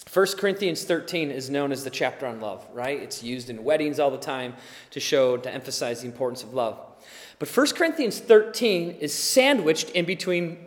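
A man with a high voice preaches to his congregation, swinging from forceful emphasis to hushed asides. His talk is casual and conversational, dotted with fillers, and a long reverb trails behind every word. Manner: animated preaching, swinging between loud emphasis and quiet asides; conversational, with occasional laughs and fillers. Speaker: pastor. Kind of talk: sermon.

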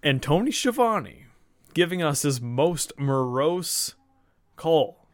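A man's voice: on the high side, sing-song, slow. A man telling wrestling stories in casual, profane podcast chat, laughing at his own jokes. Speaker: podcast co-host.

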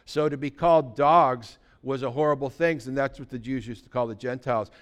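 A man preaching a sermon as pastor, moving between quiet teaching and loud, emphatic outbursts. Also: medium pitch, moderate pace, smooth.

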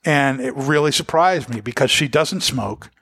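A man's voice: medium pitch, moderate pace, fairly bright tone, slightly rough. Laid-back middle-aged male co-host. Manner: rambling, lots of fillers and restarts. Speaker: podcast co-host. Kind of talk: casual chat.

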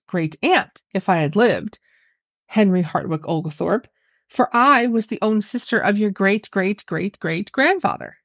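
A woman's voice: mid-range voice, dry recording. Woman reading as a haughty water ghost. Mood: aggrieved. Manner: haughty, formal. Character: indignant drenched female ghost, two centuries dead. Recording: dry, dull lo-fi recording.

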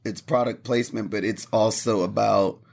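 A man who manages a brand, chatting casually and telling stories with lively quoted voices. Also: lowish voice, normal speed, vocal fry. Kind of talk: casual chat.

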